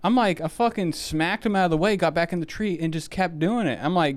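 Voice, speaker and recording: A man's voice: fairly high pitch, normal speed. A young man co-hosting a podcast, telling rambling, profane stories in casual chat, with lots of filler words. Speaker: podcast co-host.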